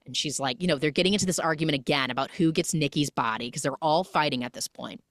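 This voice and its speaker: A woman's voice: sits low, fairly bright tone, dry recording, studio quality. A woman hosting a podcast, retelling a film's plot in a chatty way and briefly acting out each character's lines. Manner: chatty, acts out the characters' lines in quick snippets. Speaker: podcast host. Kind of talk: casual film recap.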